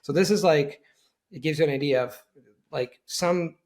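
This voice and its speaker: A male host, a native Italian speaker, chats in an interview. He talks with animated energy and often restarts his sentences mid-thought. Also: on the high side, moderate pace. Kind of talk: casual interview conversation.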